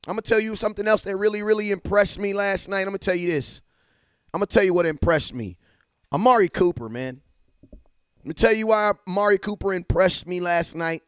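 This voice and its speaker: A young man hosts a sports fan livestream from home, hyped and full of slang, calling out viewers in his chat one by one. His voice sits a little high and comes across smooth. The sound is dry and close to a desk mic. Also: dry recording. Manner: hyped, slangy, talks straight to chat with shout-outs. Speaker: livestream sports talk host. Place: home setup at a computer.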